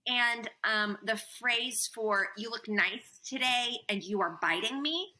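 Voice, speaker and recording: A woman guest on a podcast interview, telling stories in an animated way with "um" and "man" fillers. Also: on the high side, slow pace, poor audio. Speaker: podcast guest, former missionary. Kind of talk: casual interview storytelling.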